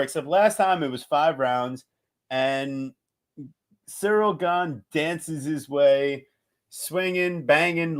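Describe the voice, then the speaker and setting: Give me an animated, jokey man breaking down fight bets as co-host. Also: a little high. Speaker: podcast co-host and betting analyst. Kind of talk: casual fight-betting chat.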